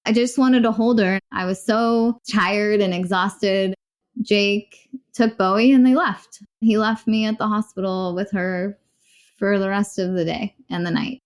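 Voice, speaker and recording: Woman, interviewee, candid storytelling, quick frank delivery, mid-pitched voice. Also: steady tone. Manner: rapid, frank, rueful, with short laughs. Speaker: interviewee recounting a personal experience.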